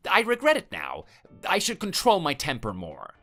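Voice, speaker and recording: Grovelling cowardly ex-husband, put on by a man; high, stammering, pleading. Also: huge pitch swings, moderate pace, sharp tone, faint music behind, heavily acted. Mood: apologetic. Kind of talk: text message story voice.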